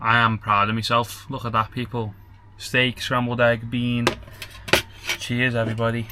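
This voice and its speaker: A man's voice: medium pitch, monotone, moderate pace, background noise. A young man, chatting casually to camera in a campervan, rambling with lots of fillers. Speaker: travel vlogger. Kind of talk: casual vlog chat to camera. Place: inside a small campervan.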